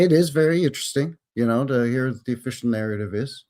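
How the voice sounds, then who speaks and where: A man's voice: medium pitch, fairly quick, warm tone. A Canadian man hosting a live stream in a folksy, jokey, casual way. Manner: folksy, jokey, greets viewers by name. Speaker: host.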